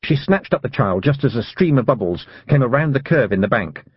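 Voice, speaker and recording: A male narrator reads a children's fantasy story with a husky, breathy tone and a pitch that swoops up and down. The sound is dry and close, with a slightly dull, muffled quality. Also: a little fast, no room sound. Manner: lively, expressive reading. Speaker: audiobook narrator.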